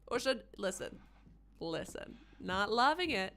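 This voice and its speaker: A woman's voice: on the high side, sing-song, moderate pace, fairly bright tone. Rambling, sarcastic woman streamer. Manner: rambling, sarcastic, swears freely. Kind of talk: casual gameplay commentary.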